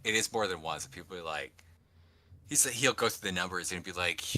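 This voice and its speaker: A man's voice: low-pitched, fairly quick, pushed and bright. A man co-hosting a casual podcast, rambling with restarts and acting out quoted people. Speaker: podcast co-host. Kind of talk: casual chat.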